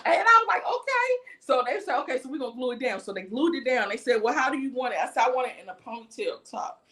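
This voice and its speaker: Animated, high-voiced woman ranting. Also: fast. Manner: animated ranting, profane, acts out every voice in her story. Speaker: livestream host. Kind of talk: casual storytelling livestream.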